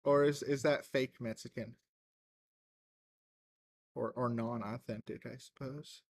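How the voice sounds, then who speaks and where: A man livestreaming a game from home, talking in a loose, wandering way. He fills gaps with "uh" and "like" and laughs easily. His voice sits at an ordinary middle pitch. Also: fairly even intonation, takes it slowly, dry recording. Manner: rambling and chatty, laughs often, many fillers. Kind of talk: casual game-stream chat.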